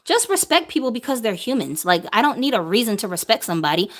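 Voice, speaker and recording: A woman in her thirties talks straight to her audience in a live question-and-answer stream. She is blunt and opinionated. Her voice sits a little high and swings widely in pitch. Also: big pitch swings, fast. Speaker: doll collector vlogger. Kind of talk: live Q&A monologue.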